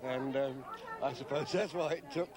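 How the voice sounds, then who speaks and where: A comedian telling a rambling, self-mocking anecdote. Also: male voice, mid-range voice, moderate pace. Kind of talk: comic anecdote. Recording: crowd noise behind.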